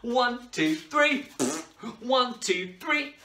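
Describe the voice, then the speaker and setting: A woman's voice: fairly high pitch, animated, very slow, slight background noise. A young adult woman hosting a children's party show, playful and giggly, calling out prompts for the kids to answer. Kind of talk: energetic kids' show hosting. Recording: echoey room with loud music.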